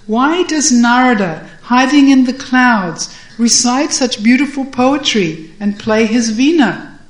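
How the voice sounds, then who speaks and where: A woman voicing a calm young male cowherd who explains and gently corrects his friends. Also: fairly high pitch, takes it slowly, echoey room, pitched above the performer's own voice, poor audio.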